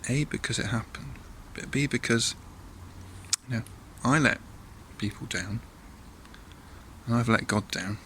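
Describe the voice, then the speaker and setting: A man's voice: medium pitch, measured pace, pauses often, pushed and bright, slight background noise. A man leading a church all-age talk, telling a Bible story in a chatty way with asides to listeners and acted voices.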